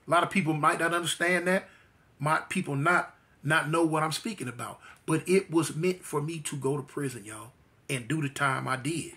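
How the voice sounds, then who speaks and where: A man sharing his personal testimony in a fairly high, forceful voice with a tense edge. He speaks emphatically and repeats phrases for weight. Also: normal speed. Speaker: guest telling his life story.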